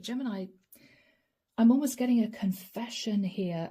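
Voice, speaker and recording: A woman gives a tarot reading straight to her viewers in a mellow, slightly breathy voice. She is earnest and emotional, and she often sinks into soft whispers. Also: on the high side, a little slow. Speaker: tarot reader.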